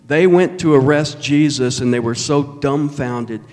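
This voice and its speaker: A man preaching a sermon as pastor, emphatic and measured, with dramatic pauses. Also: a little high, darkish tone, faint music behind. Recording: long reverb of a large hall.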